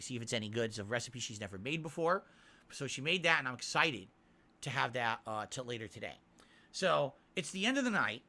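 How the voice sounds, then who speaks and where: A man's voice: mid-range voice, bright, forceful tone. A man earnestly telling a rambling personal story on a stream. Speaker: streamer in a played clip. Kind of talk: casual storytelling.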